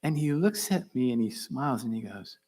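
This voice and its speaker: Older male keynote storyteller, gravelly and husky, intense, slips into whispers. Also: medium pitch, expressive, brisk. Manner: intense, drops into hushed whispers for emphasis. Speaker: conference speaker.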